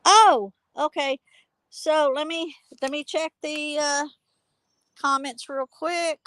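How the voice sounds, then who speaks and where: A high-voiced woman chats loudly on a live phone stream. She rambles cheerfully with plenty of fillers. Her voice sounds close and dry, recorded out in a backyard garden. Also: slow, no room sound, rough recording. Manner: loud, chatty, rambling with fillers. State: hard of hearing. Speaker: channel host. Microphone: phone held while walking.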